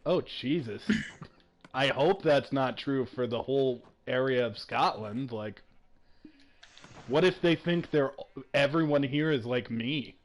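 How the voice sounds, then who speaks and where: A man hosting a gaming stream, chatting casually and excitably, laughing often as he rambles. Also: medium pitch, slow pace. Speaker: streamer host. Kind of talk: casual chat while gaming.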